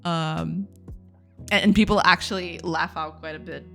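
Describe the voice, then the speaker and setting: A woman's voice: on the low side, fairly even intonation, unhurried, gravelly, fairly bright tone, faint music behind. A woman streaming game development live, chatting casually with her viewers, laughing often and repeating herself in a self-deprecating way.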